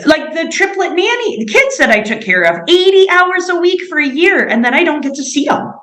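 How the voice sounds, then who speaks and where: Lively woman telling stories, echoey room. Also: very high voice, brisk. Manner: animated storyteller, many "like"s. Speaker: missionary guest. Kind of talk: casual storytelling interview.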